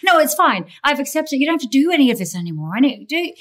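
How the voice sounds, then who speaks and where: A woman hosts a casual talk show, firing teasing, playful questions at her guest. Her voice sits a touch high and swoops about with animation. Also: big pitch swings, very fast, fairly bright tone.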